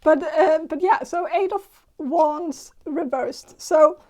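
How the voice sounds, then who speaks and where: A woman doing a casual tarot reading, talking hesitantly with many pauses, fillers and restarts. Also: high-pitched, a little mellow. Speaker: tarot reader.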